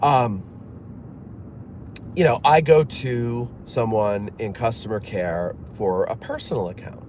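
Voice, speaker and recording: A man's voice: mid-range voice, darkish tone, slight background noise. A man telling a long, exasperated personal story in a casual monologue, rambling and quoting other people as he goes. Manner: rambling, exasperated, acts out others' lines in quick quotes; frequent fillers and restarts, sighs.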